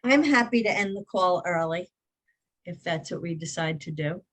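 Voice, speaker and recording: A woman chatting on a video call, asking questions and quick to agree. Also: on the low side, animated, a bit bright. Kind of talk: casual chat.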